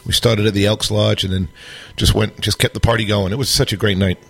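A hoarse man hosting a radio show in a studio, his low voice rough and gravelly. He rambles casually with lots of filler words. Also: little pitch movement, brisk. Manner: loose, rambling, chatty with frequent fillers. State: hoarse after a night of singing and shouting. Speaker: radio DJ host.

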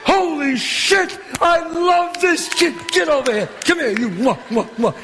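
A brash, profane middle-aged gangster boss running a dice game in a film. His voice sits fairly high and rings with a long hall echo, with faint ambience behind it. He barks orders and insults in a bossy voice. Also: lively intonation, a crowd in the background, background noise. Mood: boisterous. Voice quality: loud, bossy, swearing, quick with insults. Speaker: mob boss at a craps game. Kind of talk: film dialogue.

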